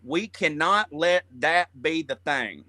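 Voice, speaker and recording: A Southern-accented man from Georgia talks in a loose, profane comic ramble. His voice sits a bit high and comes across bright and forceful. The sound is dry and close. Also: takes it slowly, no room sound. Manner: profane, rambling, animated storytelling. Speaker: guest comedian. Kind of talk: casual comedic chat.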